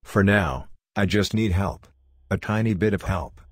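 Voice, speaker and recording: A man voicing a young man trapped inside a beer can, chirpy and taunting in a low voice. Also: a little slow, no room sound, studio quality. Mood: mocking.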